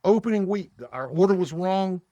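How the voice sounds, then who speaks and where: A man's voice: sits high, animated, a little fast, warm tone, no room sound, dull audio. A man in casual podcast chat, telling a long story with many fillers and restarts. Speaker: podcast guest.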